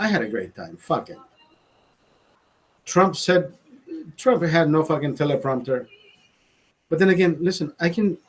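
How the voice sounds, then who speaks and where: A livestream host with a slightly rough, somewhat high voice rants through a story in casual live storytelling. He's profane and emphatic, frequently repeating himself and starting sentences over.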